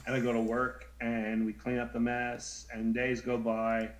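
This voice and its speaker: Animated storytelling man. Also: medium pitch, a little slow, low-quality recording. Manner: animated, stammering, acts out voices in anecdotes. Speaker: co-host. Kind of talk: casual storytelling chat.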